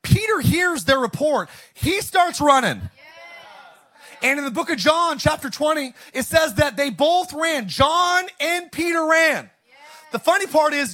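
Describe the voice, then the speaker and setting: A man preaching a jokey, energetic Easter sermon as pastor, often bursting into shouts. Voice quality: high, bright, animated preaching voice.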